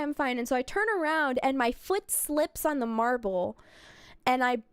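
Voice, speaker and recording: A woman's voice: on the high side, fairly bright tone, smooth, no room sound. A young woman streamer telling a rambling travel story in a casual, chatty way, laughing and swearing. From United States.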